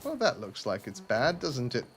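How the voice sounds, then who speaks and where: A man from southeast England casually commenting while streaming a game, animated and self-mocking, with a faint trace of a lisp on his S sounds. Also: medium pitch, moderate pace.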